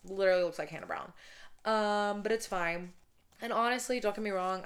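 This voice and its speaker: A woman in her twenties with a somewhat deep voice, hosting a casual podcast in a blunt, profane ranting manner. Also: fairly bright tone. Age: 20s. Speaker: podcast host.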